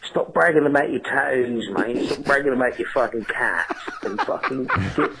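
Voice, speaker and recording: A man's voice: mid-range voice, moderate pace, creaky, crowd noise, rough recording. A man with an English accent calling into a show, crude and pushy, swearing as he talks. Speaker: caller. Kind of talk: phone call to a show.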